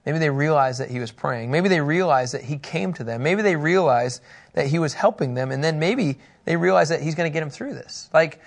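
A man teaching a casual Bible lesson in an animated way, often laughing. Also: on the high side, fairly quick, gravelly. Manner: animated, laughing, acting out scripture quotes.

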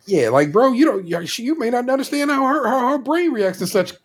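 A man's voice: very high voice, very animated, fairly quick, husky. A man co-hosting a podcast, chiming in with slangy, emphatic remarks in casual chat. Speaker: podcast co-host.

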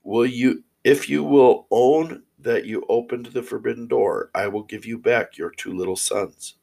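A man voicing the Virgin Mary in a fairy tale, speaking solemnly and slowly. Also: medium pitch, vocal fry, darkish tone. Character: stern holy woman, the Virgin Mary.

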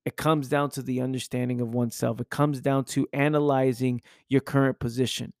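A man's voice: medium pitch, level tone, fairly quick, a little mellow, no echo, studio quality. A man hosting a podcast and delivering an intense, preachy motivational monologue full of rhetorical questions. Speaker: podcast host.

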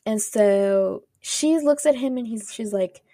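Gravelly-voiced woman chatting casually. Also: fairly high pitch, a little slow, warm tone, no echo, studio quality. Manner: rambling, filler-heavy, laughs often. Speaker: podcast host. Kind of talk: casual chatty drama recap.

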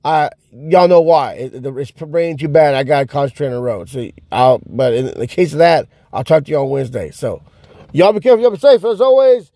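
A man's voice: a little high, animated, a little fast, dark tone, no echo, clean studio sound. A young man rants casually to the camera in profane, rambling speech, repeating himself, sitting in a car. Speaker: vlogger.

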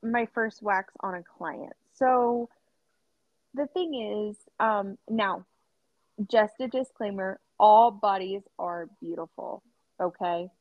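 A young woman telling a work story on a podcast, animated, laughing and acting out quotes with lots of fillers. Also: mid-range voice, slow pace, no echo. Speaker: podcast co-host. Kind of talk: casual storytelling chat. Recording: slightly dull dry sound.

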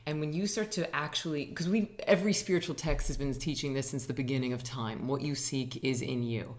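A woman with a low voice speaks as a guest on an interview podcast, explaining meditation. She tells stories with animated quoted voices, in a relaxed, chatty way. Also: a little fast. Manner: animated storyteller who acts out quotes. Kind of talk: casual interview chat. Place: dining room.

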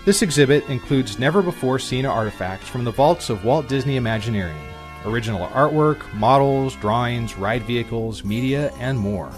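A man's voice: mid-range voice, expressive, normal speed, few pauses, music in the background. A man hosting a podcast, reading scripted segments in an upbeat, announcer-like way. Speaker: podcast host.

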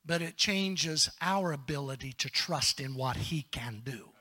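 Preaching as a pastor, this man shifts from hushed whispers to shouted stretches and invites his congregation to answer back. His mid-range voice is expressive and unhurried, with a breathy edge.

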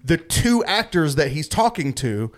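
A man's voice: a little high, sing-song, unhurried. A man co-hosting a podcast, chatting casually about a movie and quoting lines from it. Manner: rambling, quotes lines in put-on voices. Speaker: podcast co-host.

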